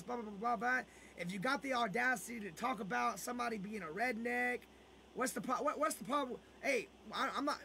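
A man's voice: high voice, vocal fry, pushed and bright, slight background noise. A man live-streaming a football video game, ranting at viewers in casual, profane chat and repeating himself as he goes.

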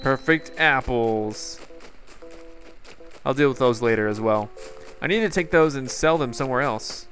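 A man's voice: mid-range voice, measured pace, pauses often, fairly bright tone, soft background music. A man hosting a casual gameplay video, chatting in a playful, rambling way with jokey asides. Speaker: gameplay host. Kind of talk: casual let's-play commentary.

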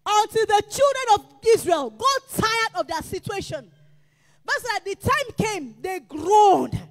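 A woman preacher delivering a sermon, emphatic and repetitive, rising to shouts. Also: extremely high pitch, very animated, a little slow, in a large hall. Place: church.

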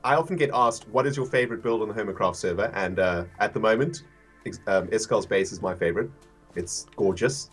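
Husky laid-back man on a livestream. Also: lowish voice, brisk, soft background music. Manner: laid-back, laughing, enthusiastic. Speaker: livestream co-host. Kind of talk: casual gaming livestream chat.

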